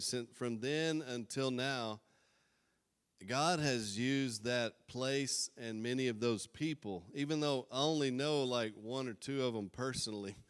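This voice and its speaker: A man's voice: mid-range voice, a bit bright, clean tone, long reverb tail. A middle-aged man preaching a sermon as a pastor, earnest and rambling, joking at his own expense. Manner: earnest, rambling, self-deprecating. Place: church sanctuary.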